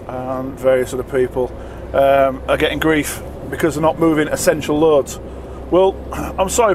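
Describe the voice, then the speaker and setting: A man, chatting in a rambling, self-mocking way while driving his truck. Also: a little high. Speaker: truck driver vlogger. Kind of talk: casual vlog chat while driving. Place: truck cab on the road. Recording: road noise in the cab.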